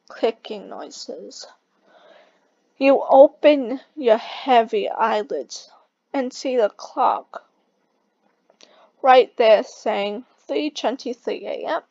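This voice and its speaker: Woman story reader, slightly high voice, very slow halting delivery, muffled dry home recording. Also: creaky, darkish tone, no room sound. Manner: halting, stumbling reading with restarts. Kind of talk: reading a second-person fan story aloud.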